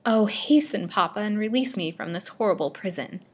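A woman's voice: medium pitch, lively intonation, moderate pace, slightly rough, voice pushed up. A woman voicing a frail, timid young woman held captive in a storybook reading, speaking in an imploring way. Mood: pleading.

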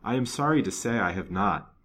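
A man's voice: lowish voice, expressive, brisk, fairly bright tone, slightly rough. A man reading the part of a resolute, gallant detective in a storybook, grave and determined. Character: determined, gallant male detective, kind but stern.

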